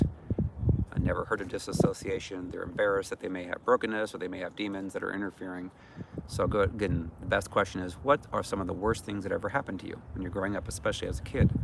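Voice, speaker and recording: A man's voice: sits low, gravelly, very noisy. A man giving an informal, earnest teaching talk on healing, speaking conversationally with many fillers. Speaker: deliverance minister.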